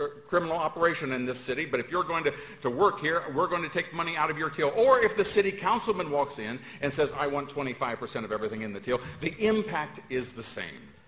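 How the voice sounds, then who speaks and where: A man giving a public speech in a folksy, emphatic way, pausing for emphasis. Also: fairly high pitch, a bit bright. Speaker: speaker. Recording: echoey hall.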